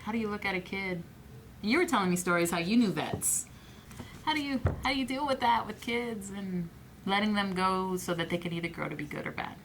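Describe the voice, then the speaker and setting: An American woman co-hosting a casual reaction chat, emotive and quick to laugh. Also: medium pitch, background noise. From United States. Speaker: co-host reacting to a TV episode.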